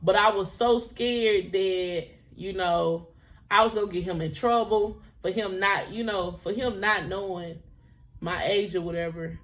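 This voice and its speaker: In a casual, chatty way, a woman in her twenties tells her viewers a personal story, laughing often and slipping into quoted dialogue. Her voice sits at a medium pitch with fairly even intonation, and she takes her time.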